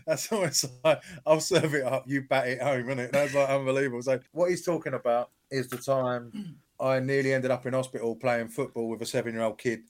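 A man co-hosting a podcast, telling stories about painting murals in a relaxed, easy way. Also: medium pitch, fairly quick. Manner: relaxed storyteller with frequent laughs. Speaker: co-host, mural company boss. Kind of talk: casual podcast chat.

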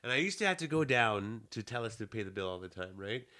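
A man's voice: fairly low pitch, big pitch swings, fast talker. Rambling man telling a story. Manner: rambling, repeats and restarts, swings to loud anger in the retelling. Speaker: storyteller in a chat. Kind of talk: casual chat.

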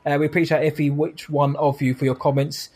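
A man, co-hosting a casual podcast and reading out listener questions. His voice sits a little high. He talks in a quick, upbeat way and laughs easily. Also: flat delivery, a little mellow, breathy edge. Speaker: podcast co-host. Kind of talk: casual chat.

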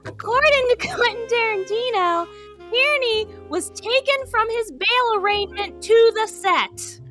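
A woman's voice: very high-pitched, expressive, a little slow, sharp tone, faint music behind. A woman co-hosting a podcast in casual banter who sounds flustered, swearing and laughing. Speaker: podcast co-host.

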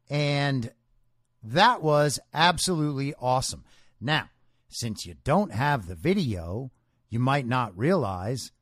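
A male podcast host with a mid-range voice delivers an opinionated, emphatic monologue of political commentary. The recording is dry, with clean studio sound.

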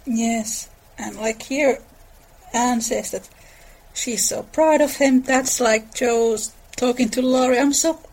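Podcast host lady, raspy husky voice, chatty about books. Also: a little high, fairly even intonation, takes it slowly, darkish tone, rough recording. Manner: chatty, reads passages aloud. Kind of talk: casual book discussion.

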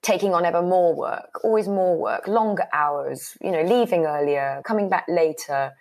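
A woman in her forties talks as an interview guest with a slightly low voice. She speaks candidly and expressively, swearing now and then and acting out remembered exchanges. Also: moderate pace. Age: 40s. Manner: frank, expressive, swears, acts out quoted dialogue.

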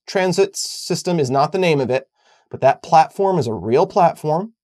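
A playful podcast co-host chats casually and reads out quiz questions for a giveaway. The voice sits mid-range but moves around a lot in pitch. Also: lively intonation, moderate pace, a little mellow. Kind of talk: casual chat.

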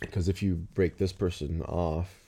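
A man's voice: sits low, flat delivery, a little slow, warm tone. A man guesting on a podcast, giving laid-back advice with a dry, wry sense of humor. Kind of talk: casual podcast chat.

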